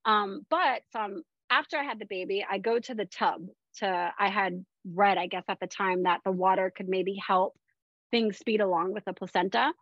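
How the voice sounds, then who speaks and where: A woman from Florida telling her story as a podcast guest in a chatty, animated way with lots of fillers. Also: medium pitch, normal speed, no room sound. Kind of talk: casual personal storytelling. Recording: dull, dry lo-fi sound.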